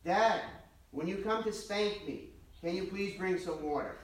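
A mischievous little boy calling out and pleading again and again, as a man puts him on. The voice sits a touch high. It echoes heavily around a large church and is heard from a distance. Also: normal speed, a little hiss or hum, close to an everyday voice. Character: naughty young boy begging for water.

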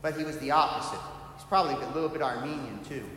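A man's voice: a little high, fast talker, fairly bright tone. A middle-aged man, a priest, preaching a sermon in a storytelling manner and acting out the voices of the people he quotes. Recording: very echoey church hall, long reverb, faint noise.

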